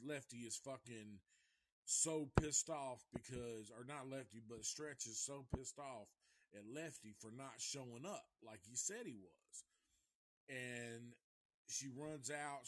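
A man casually recapping a movie live, rambling and profane, and chuckling often as he goes. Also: medium pitch. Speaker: movie reviewer.

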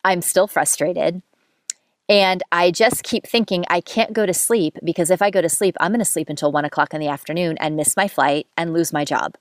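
A woman with a fairly low voice tells a personal story in a loose, candid way, swearing freely and laughing at herself. The sound is dry and close, with no room around it. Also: moderate pace, no room sound. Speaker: podcast host telling a dating story. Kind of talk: casual storytelling monologue.

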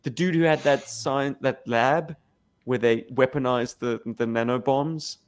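A man co-hosting a podcast in playful, animated casual chat. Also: medium pitch, unhurried, smooth. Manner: playful, animated, laughs between words. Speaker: podcast co-host.

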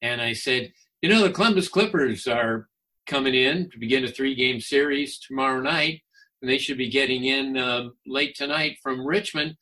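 Animated man in his sixties, guest storyteller, with a forceful, slightly raspy voice. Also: mid-range voice, moderate pace. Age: 60s. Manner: chatty, animated, laughs often. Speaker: guest, former baseball announcer. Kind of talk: casual anecdotal storytelling.

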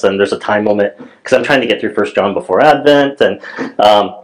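A middle-aged pastor with a medium-pitched voice preaches a sermon in church, speaking fairly quickly in a conversational, storytelling style full of fillers and restarts. The recording is low quality.

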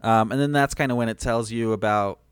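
Guy with a lowish smooth voice, chill film chat, lots of ums, dry sound. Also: a little fast, no echo. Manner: relaxed, laughs often, trails off with ums. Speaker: podcast co-host. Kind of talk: casual chat recapping a film.

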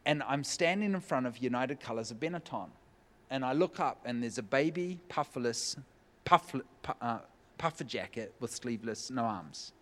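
A man preaching a sermon, telling a personal story in a lively way and acting out the voices of the people in it, at a church meeting. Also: medium pitch, moderate pace. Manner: lively, acts out quoted voices. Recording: long hall reverb.

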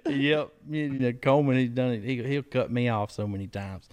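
A man's voice: mid-range voice, moderate pace. Laid-back man hosting a chat. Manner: laughs easily, relaxed banter. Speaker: podcast host. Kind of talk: casual chat.

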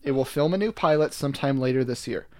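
A man's voice: medium pitch, fast. A young man co-hosting a podcast, talking in a joking, rambling way with many fillers. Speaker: podcast co-host. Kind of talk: casual chat.

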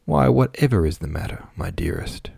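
A man's voice: mid-range voice, very animated, fairly quick, creaky, darkish tone, husky, dry recording, studio quality, voice pushed up, exaggerated voice. A man voicing a hot-tempered, remorseful landowning husband in an audiobook, speaking earnestly to his wife. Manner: heated then contrite.

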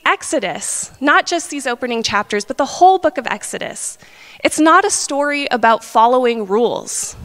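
A woman in her thirties delivers a sermon as an animated, chatty storyteller. Her voice sits a little high. The sound carries a long hall reverb. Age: 30s. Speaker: preacher.

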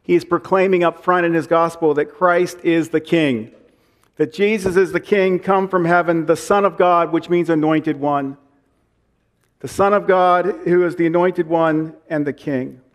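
Casting: pastor, man, high voice, preaching a sermon with deliberate repetition. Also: fairly even intonation. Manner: slows and repeats lines for emphasis; reads scripture aloud.

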